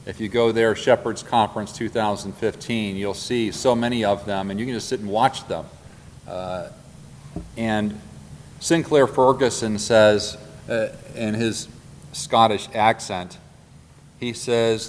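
A man teaching a Bible class from notes, earnest and deliberate, repeating and slowing down on key points. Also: fairly low pitch. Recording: long hall reverb, faint background noise.

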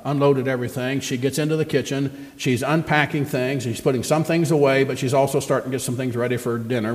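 Conversational preacher in an echoey hall. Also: male voice, medium pitch. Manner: conversational storytelling, asks the congregation questions. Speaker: pastor. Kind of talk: sermon.

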